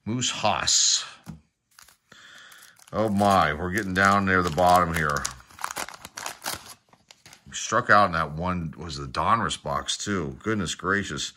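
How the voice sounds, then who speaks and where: A middle-aged card collector with a deep voice, bright and forceful in tone, opens baseball card packs and quickly lists each player's name, chiming in with casual asides. There's a little hiss or hum in the recording.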